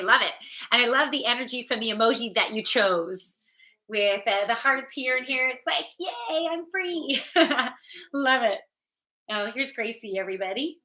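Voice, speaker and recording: A woman's voice: medium pitch, pushed and bright. A woman from Ontario, Canada, chatting casually with viewers on a livestream as a yoga teacher and intuitive reader. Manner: upbeat and chatty, greets viewers by name.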